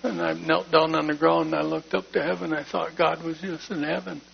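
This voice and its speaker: A man tells his personal testimony in church, plain-spoken and full of feeling. His voice is gravelly and husky, pitched a little high. The recording is dull and lo-fi. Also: level tone, brisk. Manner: emotional, plain-spoken storytelling. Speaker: speaker giving a testimony in church.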